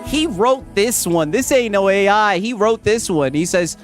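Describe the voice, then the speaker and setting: A man streaming gaming reactions in casual, excitable commentary, swearing often and laughing a lot. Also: high voice, a little slow, faint music behind.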